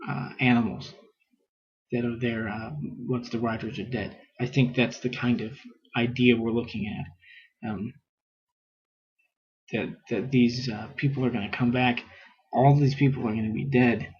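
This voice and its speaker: A man's voice: medium pitch, steady tone, a little slow, long pauses, breathy edge, highs cut off. A man giving a casual scripture lesson, thinking aloud with fillers and reading passages aloud. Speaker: scripture teacher.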